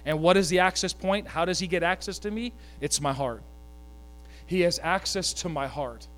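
A man preaching a sermon, animated, with joking asides, asking the congregation to repeat lines after him. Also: high voice, normal speed, faint music behind. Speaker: pastor.

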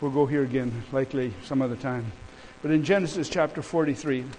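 A man's voice: medium pitch, brisk, darkish tone, a little hiss or hum, rough recording. A man preaching a sermon as pastor, with impassioned repeated declarations and a casual storytelling turn.

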